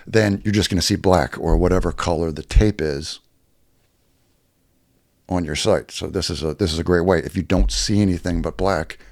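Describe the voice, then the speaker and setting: A deep-voiced man with a gravelly edge tells a blunt, swear-filled story in a loose, rambling way. The sound is close and dry, with no room around it. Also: no echo. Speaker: YouTuber. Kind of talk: casual storytelling vlog.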